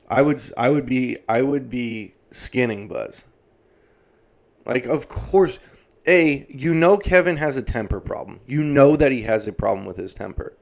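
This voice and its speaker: A man in his thirties ranting comedically, exasperated and swearing heavily. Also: mid-range voice. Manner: profane, exasperated, heavy swearing. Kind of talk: comedic rant.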